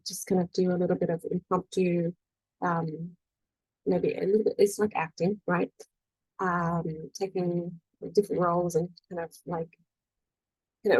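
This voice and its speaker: A woman's voice: lowish voice, a little mellow, slightly rough, dry recording, rough recording. A middle-aged woman coaching a faith group in a chatty, casual way, often checking in with "right?" and acting out quoted voices. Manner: chatty, frequent "you know" and "right?", acts out quoted voices. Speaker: spiritual energy-healing coach leading a group meeting. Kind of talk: casual faith-based teaching talk.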